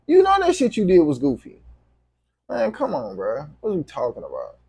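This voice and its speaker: A man's voice: on the high side, wildly swooping pitch, normal speed, a little mellow, husky, no room sound. A man vlogging to camera, venting in a heated, profane, repetitive way.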